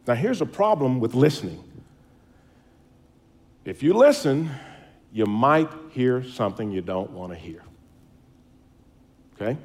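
Folksy man giving a lively speech. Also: medium pitch. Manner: folksy, storytelling, self-deprecating. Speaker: speaker. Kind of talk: public speech.

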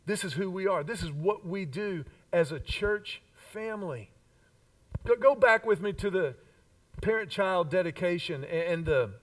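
A man's voice: sits high, recorded from a distance, rough recording. A man in his fifties preaching a sermon as pastor, with emphatic repeated lines and call-and-response. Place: church sanctuary.

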